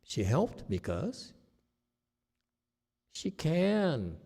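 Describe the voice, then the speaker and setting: Slow gravelly male dharma teacher. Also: on the high side, wildly swooping pitch, dark tone. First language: Chinese. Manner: slow, plain-spoken, repeats "okay?". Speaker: Chan meditation teacher. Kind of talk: dharma talk. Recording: long hall reverb.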